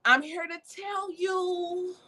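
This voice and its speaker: A woman giving a preacherly motivational talk, calling listeners baby and swinging from shouts to hushed lines. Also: very high-pitched, steady tone, slow pace. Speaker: motivational speaker.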